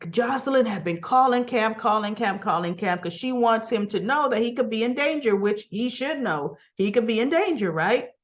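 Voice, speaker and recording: A woman's voice: on the high side, highs cut off. A woman casually recapping a soap opera episode, acting out the characters' lines and adding exasperated asides.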